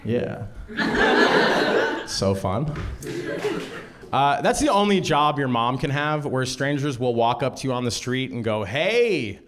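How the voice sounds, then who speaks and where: A man's voice: medium pitch, animated, unhurried, pauses often, noisy background. A young man performing a stand-up comedy set, rambling casually with lots of fillers and acting out quotes. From half Mexican, half German. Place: comedy club stage with audience laughter.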